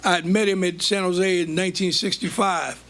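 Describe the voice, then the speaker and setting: A man's voice: sits high, normal speed. An older man, telling stories from his life as a guest speaker on stage. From United States. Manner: animated storytelling, plays out quoted dialogue. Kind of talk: storytelling on stage.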